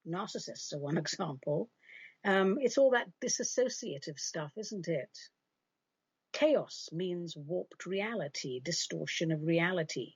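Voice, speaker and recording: A woman's voice: fairly low pitch, expressive, unhurried, breathy edge, no room sound, lo-fi sound. A woman hosting a radio advice show, answering listener questions in a chatty, emphatic and opinionated way.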